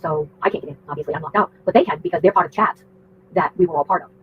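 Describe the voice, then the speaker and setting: A woman's voice: on the low side, very fast. A woman livestreaming, telling a long story in a rambling, profane, indignant way. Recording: tinny phone-like audio with faint noise.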